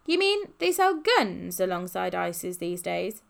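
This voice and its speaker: A woman's voice: fairly low pitch, big pitch swings, vocal fry, full character voice. A woman voicing a bossy, old-fashioned posh schoolboy in an audiobook. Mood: brisk. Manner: clipped, brisk, scornful.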